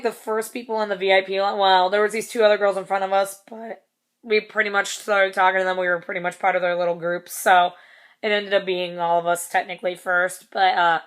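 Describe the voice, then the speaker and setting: Young woman vlogging, chatty rambling story, swears a bit, laughs a lot. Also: medium pitch. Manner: rambling, swears casually, laughs between lines. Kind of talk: casual storytelling vlog.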